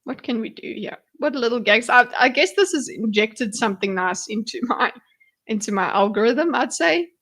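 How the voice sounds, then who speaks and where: A woman's voice: a little high, expressive, normal speed, fairly bright tone. A woman chatting casually on a livestream while reacting to videos. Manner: chatty, laughs easily, thinks aloud.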